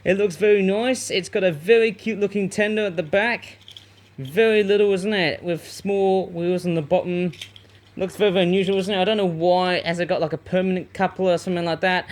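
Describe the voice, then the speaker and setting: A man's voice: high-pitched, fairly even intonation, brisk. A man, chatting enthusiastically and a little rambly while reviewing and running a toy train. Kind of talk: casual unboxing commentary.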